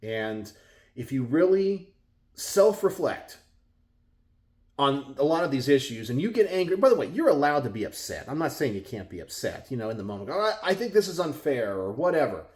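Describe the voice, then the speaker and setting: A man's voice: very animated, normal speed, darkish tone. A middle-aged man with a Texan accent, talking casually to his viewers from his garage, exasperated and full of rhetorical questions. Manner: exasperated, rhetorical, mimics others in high voices. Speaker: gun channel host. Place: home garage.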